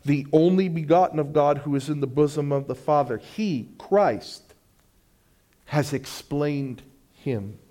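A middle-aged man preaching with emphatic force. His voice sits a little high for a man, and he swings from ringing proclamations down to near-whispered, deliberate phrases. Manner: emphatic preaching, swinging between loud declarations and hushed slow lines. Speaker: pastor. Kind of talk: sermon.

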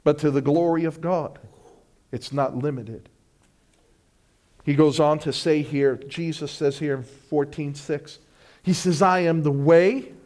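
A middle-aged man preaching with emphatic force. His voice sits a little high for a man, and he swings from ringing proclamations down to near-whispered, deliberate phrases. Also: steady tone. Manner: emphatic preaching, swinging between loud declarations and hushed slow lines. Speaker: pastor. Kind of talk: sermon.

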